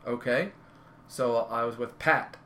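A man's voice: medium pitch, a little slow, sharp tone. A man telling rambling wrestling stories in casual conversation, often correcting himself. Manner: rambling, self-correcting anecdotes. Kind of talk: casual storytelling.

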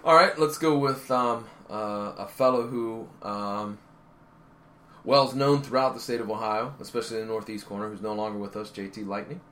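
A man's voice: lowish voice, fairly even intonation, normal speed, a bit bright. A man hosting a casual talk, telling crude stories through laughter. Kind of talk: casual chat.

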